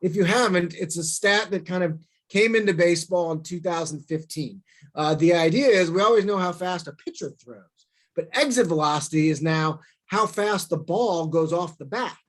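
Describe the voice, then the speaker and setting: High-voiced man telling a sports story. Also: moderate pace. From St. Louis, USA. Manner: animated, acts out quoted lines in bursts; self-deprecating asides. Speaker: sportswriter giving a talk. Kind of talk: storytelling talk.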